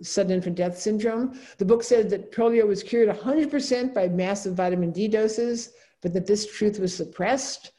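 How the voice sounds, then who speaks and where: A woman's voice: medium pitch, warm tone. A woman giving a lecture, talking her audience through slides in a loose, conversational way with frequent asides and fillers.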